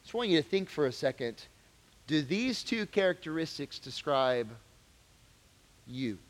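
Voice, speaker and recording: A man preaching to teens in a church hall, his fairly high voice carrying a long reverb. He talks casually, then builds to pressing, emphatic questions. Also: measured pace. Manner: animated, conversational, rising to emphatic questions. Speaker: youth pastor. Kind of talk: youth group Bible lesson.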